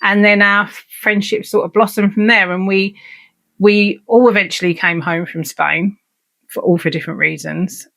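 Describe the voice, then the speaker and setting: A woman in her forties chats through a story from her past. Her voice has a gravelly edge, and she keeps it frank, full of swearing and laughter. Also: medium pitch, fairly even intonation, normal speed, fairly bright tone. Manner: frank and profane, laughs often. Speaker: podcast host. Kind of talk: casual personal storytelling.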